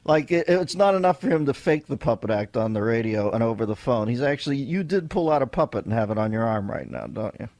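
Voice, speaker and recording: A man hosting a radio talk show, wry and quick with his guest. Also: medium pitch, expressive, darkish tone, no room sound. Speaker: radio host. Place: radio studio.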